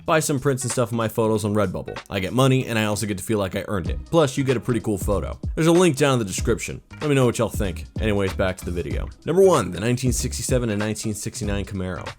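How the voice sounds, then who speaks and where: Opinionated young man, lively low voice. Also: very fast, hardly any pauses. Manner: opinionated and playful, jokey asides. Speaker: car video host. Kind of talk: casual scripted commentary. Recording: music playing behind the voice.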